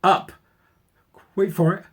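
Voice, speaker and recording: A man hosting his channel, giving a sarcastic, incredulous running commentary on a news story. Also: slow pace. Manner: animated, sarcastic, incredulous asides. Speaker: channel host.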